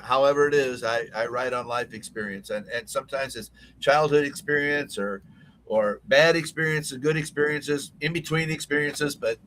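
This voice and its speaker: A man, a country singer-songwriter, guest on a live web radio show, talking in an easygoing, halting way with many restarts. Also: medium pitch, fairly even intonation, fairly bright tone, rough recording. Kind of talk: casual interview.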